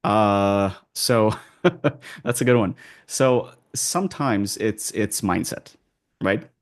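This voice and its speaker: A man working as an accent coach, answering interview questions in a calm, measured way, with pauses and frequent restarts. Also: fairly low pitch.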